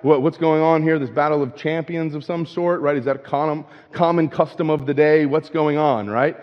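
A man's voice: on the high side, steady tone, normal speed. A man preaching a sermon in a conversational way. He keeps checking in with "right?", and he repeats and restarts words as he goes. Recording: dull lo-fi with long hall reverb.

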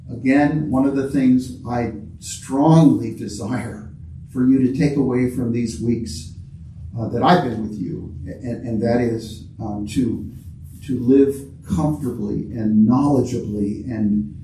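Guest pastor, male, unhurried and warm-toned, stop-start delivery; roomy church sound with faint background hum. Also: mid-range voice, fairly even intonation, distant mic. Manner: halting, repeats words while searching for phrasing. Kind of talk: sermon.

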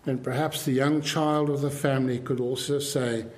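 A man preaching a sermon to his congregation with a measured, emphatic delivery. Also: medium pitch, flat delivery, echoey room. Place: church.

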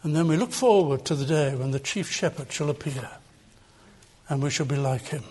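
A man's voice: on the high side, moderate pace, darkish tone, husky. An older man preaching a sermon as pastor, earnest and emphatic, building on repeated phrases.

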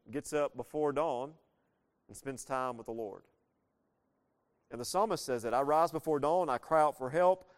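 A man preaching a sermon as pastor, talking plainly with his congregation and asking them questions as he goes. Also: mid-range voice. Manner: conversational, asks the congregation questions; lively preaching with frequent shifts in loudness.

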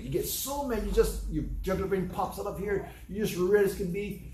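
A man's voice: high-pitched, a little fast, a little mellow, echoey room, a little hiss or hum, low-quality recording. A man preaching a sermon as pastor, talking conversationally and teasing his congregation with questions.

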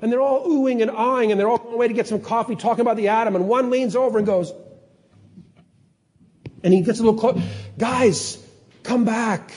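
A man preaching a sermon, telling stories with lively energy and sometimes acting out excited scientists in a higher voice. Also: fast talker, long pauses. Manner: animated storytelling, acts out excited scientists in a higher voice. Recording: long hall reverb.

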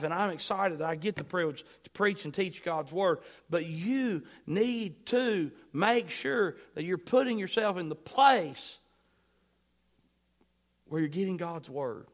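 A high-voiced man preaches a sermon from the pulpit. He talks with emphasis, swinging from loud bursts to quiet asides. He keeps asking his congregation questions. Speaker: pastor.

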